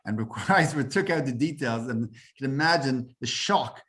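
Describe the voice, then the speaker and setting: A man's voice: mid-range voice, moderate pace, fairly bright tone. A man teaching a Torah class as a rabbi, often repeating words while finding his phrasing and mixing Hebrew and Yiddish terms into English. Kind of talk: informal Torah lesson.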